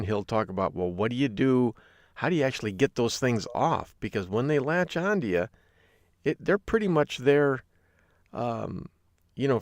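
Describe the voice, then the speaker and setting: A man's voice: fairly low pitch, no room sound, clean studio sound. A man from Michigan hosting a podcast, talking in an upbeat, jokey, folksy way. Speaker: podcast host. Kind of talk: solo podcast talk.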